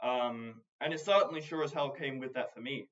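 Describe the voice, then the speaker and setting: Halting, glum man on lo-fi audio. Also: medium pitch, a bit bright. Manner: hesitant, halting, many restarts; glum, brooding. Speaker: video diarist. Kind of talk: personal video diary monologue.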